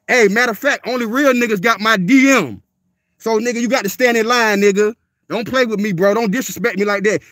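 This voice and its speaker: A man's voice: sits high, fairly quick, fairly bright tone, no room sound, studio quality. A man, a dog breeder ranting on a livestream in a profane, confrontational way, repeating himself as he calls out a viewer. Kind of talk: livestream rant.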